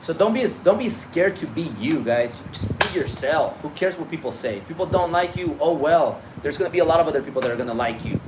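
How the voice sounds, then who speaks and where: Man, business coach, pep talk, swears freely, restarts sentences, slightly high voice, faint noise behind. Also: expressive, brisk, few pauses. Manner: profane, blunt, pep-talk delivery with frequent restarts. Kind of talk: motivational livestream talk.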